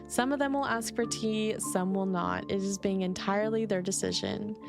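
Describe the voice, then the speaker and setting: A woman reading a calm, formal tea keeper. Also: medium pitch, normal speed, vocal fry, music in the background, lightly acted. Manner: calm, polite, odd formal grammar.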